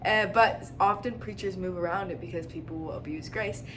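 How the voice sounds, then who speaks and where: A woman's voice: lowish voice, a little fast. Giggly young woman rambling about faith. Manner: rambling, giggly, lots of fillers. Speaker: podcast co-host. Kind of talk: casual faith chat. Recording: faint background noise.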